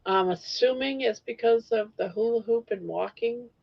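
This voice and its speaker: A woman's voice: fairly high pitch, normal speed, gravelly. An older woman hosting a casual live-stream chat, rambling from one thing to the next. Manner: rambling, breaks into song snatches. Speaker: host. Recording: dull lo-fi stream audio.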